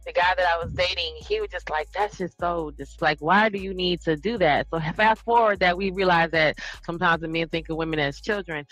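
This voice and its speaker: Brief: animated woman, casual chat. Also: lowish voice, fairly quick, hardly any pauses, dry recording, faint music behind, low-quality recording. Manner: animated storyteller acting out quotes.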